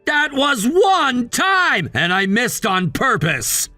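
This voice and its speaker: A man's voice: extremely high pitch, huge pitch swings, takes it slowly, no room sound, soft background music, full character voice. A man voicing a bossy, scornful husband. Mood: angry, scornful. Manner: bossy and dismissive, shouting at times. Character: controlling, scornful husband facing divorce. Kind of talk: text-message story narration.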